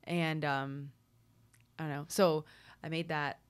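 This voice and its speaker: Brief: woman co-host, lowish voice, loose and profane, quick to laugh. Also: little pitch movement, clear, resonant tone. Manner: rambling, profane and laughing easily. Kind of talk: casual chat.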